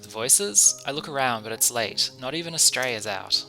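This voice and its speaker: A man's voice: medium pitch, lively intonation, brisk, sharp tone, soft background music, rough recording. A man reading a visual novel aloud, mixing the narration with amused asides about what he sees on screen. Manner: reads narration then breaks off for amused asides. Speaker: streamer playing a visual novel.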